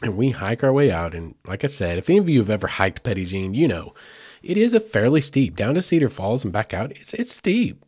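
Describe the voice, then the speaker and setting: Dad rambling through a story, lots of likes and you knows, lowish voice, dry close sound. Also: male voice, sing-song, fairly quick, darkish tone, husky, no echo. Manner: rambling, chatty, with many fillers like "like" and "you know". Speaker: father telling a family story. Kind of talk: casual spoken storytelling.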